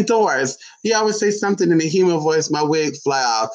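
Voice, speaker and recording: A man's voice: fairly high pitch, expressive, moderate pace, hardly any pauses. A man in casual vlog talk, playful and sassy, cooing baby talk at his dog between remarks to viewers. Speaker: vlogger. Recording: dull lo-fi sound.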